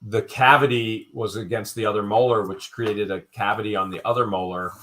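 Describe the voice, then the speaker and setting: A man's voice: fairly low pitch, fairly even intonation, brisk, noisy background. A man hosting a live online auction, calling out bids and joking casually with viewers. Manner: joking, loud announcer-like calls. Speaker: livestream auction host.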